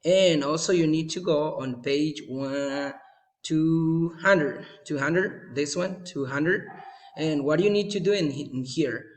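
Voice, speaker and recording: A male teacher giving a recorded English lesson to children, slow and repetitive, often checking in with "okay?". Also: on the high side.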